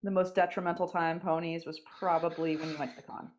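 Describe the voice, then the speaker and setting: A woman's voice: fairly low pitch, flat delivery, quick pace, darkish tone, slight background noise. A woman hosting a podcast interview, asking questions in a teasing, playful manner. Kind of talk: casual chat, asking questions.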